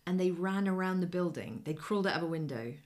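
Middle-aged woman, lower voice, casual storytelling co-host. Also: quick pace. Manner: animated anecdote-telling, acts out quoted voices. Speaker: podcast co-host.

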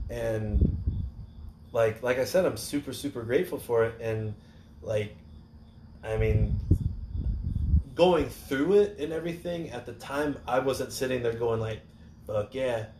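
A man spins a casual story, loose and animated, swearing freely and getting louder when he acts out scenes. His voice sits in the middle range. The room is echoey, with a faint hiss under it. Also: mid-range voice. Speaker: podcast co-host and wrestler. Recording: roomy studio with faint hiss.

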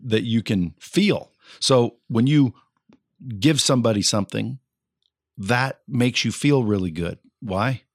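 A man's voice: medium pitch, lively intonation, a little slow, no echo, studio quality. A man hosting a casual podcast interview, preaching bluntly and profanely to his listeners. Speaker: podcast host.

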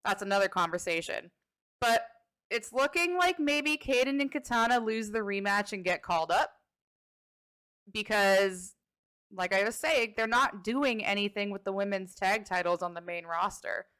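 A woman co-hosting a casual talk show, with a bright, forceful voice. She chats in a playful, loose way and teases about her own predictions. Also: mid-range voice, normal speed, clean tone. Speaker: podcast co-host. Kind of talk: casual wrestling chat.

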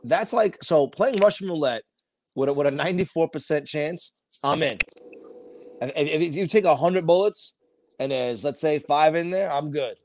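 A man's voice: fairly high pitch, normal speed, a little mellow. A man talking bluntly and profanely in a casual chat, rambling through stories with lots of restarts.

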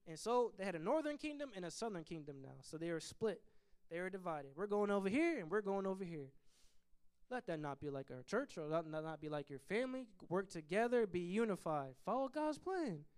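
A man leading a Bible study, teaching in an animated way and acting out biblical figures in quick asides. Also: high voice, smooth.

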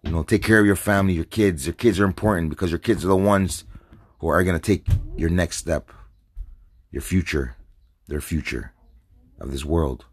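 A man's voice: low-pitched, fairly quick. A man from North America ranting to his viewers, agitated and profane, rambling and repeating himself while drinking and smoking. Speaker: vlogger. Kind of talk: stream-of-consciousness rant to camera.

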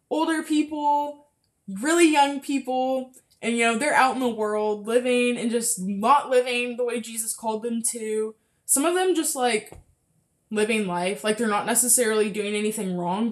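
A young woman hosting a casual faith podcast, chatty and full of fillers, a little out of breath close to the mic. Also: fairly high pitch. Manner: chatty, frequent fillers and laughs. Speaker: podcast host.

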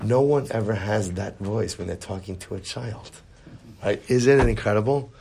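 Animated man teaching a Chassidic text class. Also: fairly low pitch, moderate pace, gravelly, slightly rough. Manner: animated, repeats words, asks the listeners rhetorical questions.

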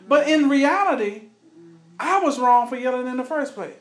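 A high-pitched man leads a Bible study in an earnest, conversational tone. He often turns to the group with questions. The recording has an echoey room sound. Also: lively intonation, normal speed.

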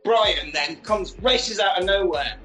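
A man tells the story of a film with loose, animated energy and plenty of swearing. His voice runs slightly high for a man. The room is echoey and faint music plays under him. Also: slow pace. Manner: animated, swears freely, acts out quotes. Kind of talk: casual comic film recap. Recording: roomy echo, faint music.

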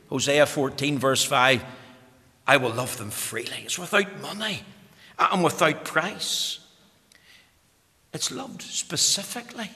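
A man's voice: fairly high pitch, animated, a little slow, sharp tone. A man preaching a sermon with fervor, swelling to emphatic peaks when quoting scripture and often repeating words as he starts a phrase. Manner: fervent, rising to emphatic peaks on scripture quotes. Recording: long hall reverb.

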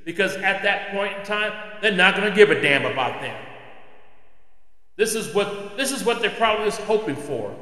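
A man's voice: high voice, expressive, normal speed, pushed and bright. A man hosting his own podcast, delivering an impassioned, preachy opinion monologue. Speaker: podcast host. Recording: echoey room with long reverb.

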